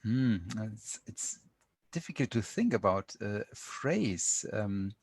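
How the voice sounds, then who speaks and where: German guy on a podcast, slightly low voice, lots of ums and restarts, dead dry recording. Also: very animated, takes it slowly, husky, dry recording. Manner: hesitant, many fillers and restarts. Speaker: podcast guest. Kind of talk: casual interview chat.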